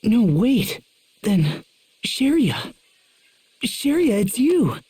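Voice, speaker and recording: Earnest young male knight, a woman doing the voice, husky and warm, dry close studio read. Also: a little high, sing-song, very slow, no room sound, exaggerated voice. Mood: stunned. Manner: urgent, disbelieving questions. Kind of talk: game cutscene dub.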